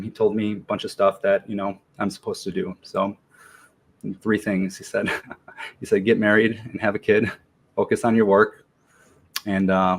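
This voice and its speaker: A man in his forties, a podcast guest, telling a personal story in a relaxed, slangy way with many ums and restarts. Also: on the low side, creaky, husky. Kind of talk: casual storytelling interview.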